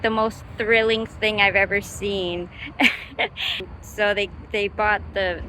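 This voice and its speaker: A young woman with a bright, clear voice talks straight to her camera in an unscripted vlog. She rambles from thought to thought, full of fillers and restarts. Her tone is easygoing and she swears now and then. Faint outdoor ambience sits behind her. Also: medium pitch, slight background noise, low-quality recording. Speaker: vlogger.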